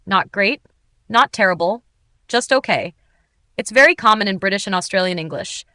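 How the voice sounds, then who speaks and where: A woman teaching English in an upbeat, clearly articulated, scripted narration. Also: medium pitch, expressive, moderate pace, bright, forceful tone, no room sound.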